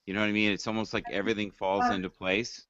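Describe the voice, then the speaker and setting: An earnest man talking in a casual online group chat, his fairly low voice bright and forceful. He lays out ideas in slow, emphatic phrases. The sound is dry and dull, like a lo-fi call. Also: level tone, no echo. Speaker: hangout participant.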